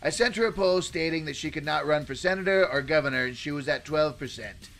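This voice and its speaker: A man's voice: on the high side, brisk, fairly bright tone, soft background music. A man putting on an impression of a boastful older male president, reading a ranting statement aloud.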